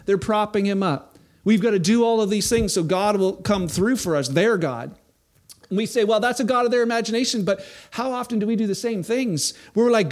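High-pitched guy preaching a sermon, really animated, does little voices for quotes. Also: brisk. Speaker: pastor.

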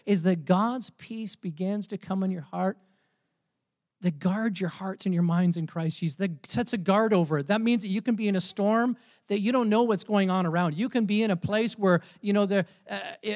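A man preaching a sermon in a conversational way, often repeating words as he thinks aloud. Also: high-pitched. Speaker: pastor.

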